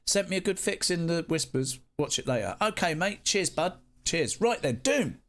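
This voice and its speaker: A man's voice: fairly high pitch, lively intonation, normal speed, fairly bright tone. A man, live streaming and chatting casually with his viewers, greeting them by name and swearing freely. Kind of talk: casual chat reading live chat.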